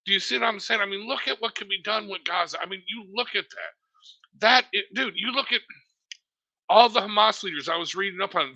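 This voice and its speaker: High gravelly guy, really bright tense voice, dry close sound, blunt and emphatic. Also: rough recording. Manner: emphatic, terse agreements. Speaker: discussion group participant. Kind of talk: heated political discussion.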